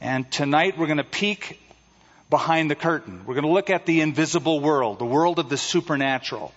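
A man preaching a sermon at a church pulpit, earnest and measured with pauses. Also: on the high side, a bit bright. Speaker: pastor. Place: church sanctuary. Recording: dull, reverberant church recording.

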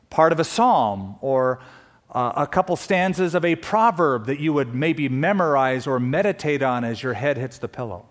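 A man with a fairly high voice preaches a sermon to his congregation. He speaks with earnest conviction, pushing some points out in sudden emphatic bursts and slipping in wry jokes between them. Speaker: pastor.

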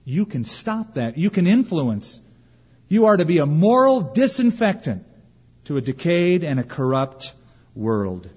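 A man preaching a sermon as pastor, emphatic and preacherly, with pauses and rhetorical questions. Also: medium pitch, darkish tone, slightly rough, big-room sound, lo-fi sound.

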